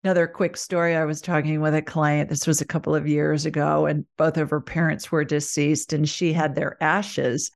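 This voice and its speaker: A woman with a low, gravelly voice speaks at a moderate pace with few pauses. She's a medium appearing as a guest in a casual interview, animatedly telling stories and acting out the dialogue she quotes.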